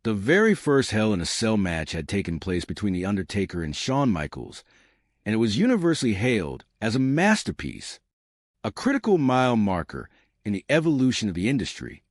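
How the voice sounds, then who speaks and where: A man reading scripted documentary narration in a measured, expository way. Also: fairly low pitch, sing-song, dry recording, clean studio sound.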